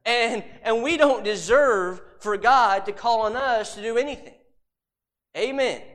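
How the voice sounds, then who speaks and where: A man preaching a sermon, emphatic, repeating rhetorical questions and dropping suddenly to a hush. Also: extremely high pitch, measured pace.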